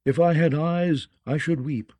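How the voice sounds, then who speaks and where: A man's voice: fairly high pitch, a little slow, dark tone, no room sound. A man voicing a blind, disgraced male singer who pleads in a cracked, whispery voice. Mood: pleading. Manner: begging, lovesick confession.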